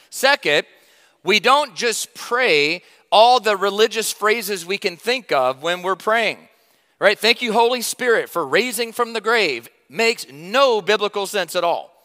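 A man preaching a sermon to his church, conversational and emphatic, with sudden loud stresses and quiet drops. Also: sits high, expressive, slow, long reverb tail. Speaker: pastor.

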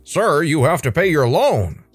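A man's voice: fairly high pitch, sing-song, measured pace, slightly rough, no echo, full character voice. A man doing an evasive male call-center supervisor who answers everything with stock politeness. The delivery is dry and close, and faint music plays under it.

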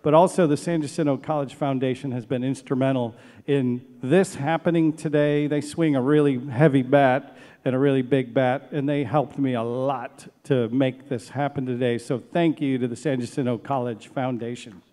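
A man's voice: mid-range voice, fairly even intonation, moderate pace, in a large hall. A man, director of a steel band, giving heartfelt thank-yous to a live concert audience from an outdoor stage. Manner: emotional, warm thanks, chokes up.

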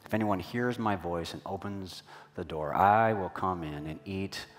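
In a church, a man speaks slowly in a deep voice as he delivers a sermon. The pastor recounts something from his own life and chats with the congregation, asking them questions.

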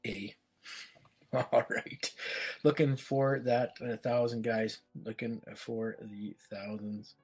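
A man's voice: mid-range voice, little pitch movement, slow, a little mellow, slightly rough, soft background music. A man with a Canadian accent, calling bids as an auctioneer in a chatty, repetitive way. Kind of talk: live virtual-world auction calling.

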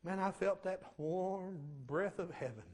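Fervent preacher man, high voice. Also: measured pace. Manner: fervent, rising to shouts then dropping to a low hush. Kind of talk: sermon testimony.

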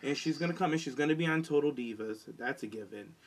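A man co-hosting a podcast, chatting in a sassy, animated way and mocking people with quoted lines. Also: a little high, fast, crowd noise, poor audio. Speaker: podcast co-host. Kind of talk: casual chat.

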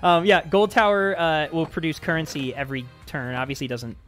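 A man with a fairly high-pitched voice hosts a casual gameplay session, upbeat and chatty as he walks his friend through the mechanics. Faint music plays underneath. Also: fairly even intonation, brisk, a bit bright. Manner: upbeat, explains game mechanics. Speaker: host and map maker.

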